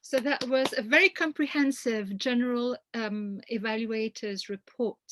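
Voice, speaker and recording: A woman's voice: a little high, moderate pace, a bit bright, no room sound, poor audio. A woman chairing an online club meeting, politely calling on speakers and moving the session along. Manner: polite, orderly, with filler sounds. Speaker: meeting host. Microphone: video call.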